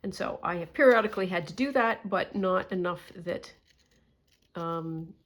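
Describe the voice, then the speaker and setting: A woman's voice: fairly low pitch, normal speed. A woman with a Canadian accent talks to her viewers in a loose, rambling way, filling the gaps with little ums and restarts. She comes across as self-deprecating and easygoing while she works on her crafts. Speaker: crafting vlogger. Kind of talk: casual chat while drawing.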